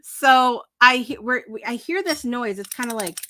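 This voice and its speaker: A woman's voice: on the high side, moderate pace, pushed and bright, slight background noise. A woman hosting a live morning talk show, chatting in a bubbly, emotional way that rambles along with lots of fillers and laughter. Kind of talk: casual live-stream chat.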